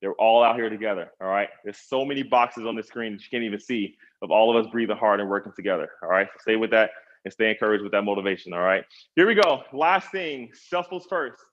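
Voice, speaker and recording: A man's voice: lowish voice, quick pace, fairly bright tone, muffled recording. A man, a personal trainer, coaching an online workout class, encouraging people and counting down the reps.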